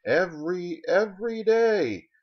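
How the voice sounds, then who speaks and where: A man putting on the voice of a chatty older person who dotes on their dog, in a high, quavering tone. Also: big pitch swings, takes it slowly, full character voice. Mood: doting, chatty. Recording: dull lo-fi recording.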